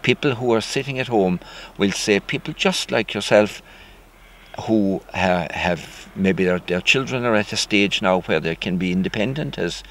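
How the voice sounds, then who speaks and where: An older Irish man hosts the interview. His voice sits somewhat low, and he works his way through each question in a halting manner, often restarting his sentences. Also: fairly bright tone. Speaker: interviewer host.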